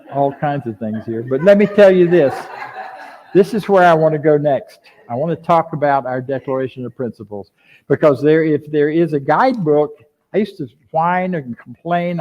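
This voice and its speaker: An older man preaching a conversational sermon as a minister, lively and full of rhetorical questions to his congregation. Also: medium pitch. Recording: dull lo-fi sound.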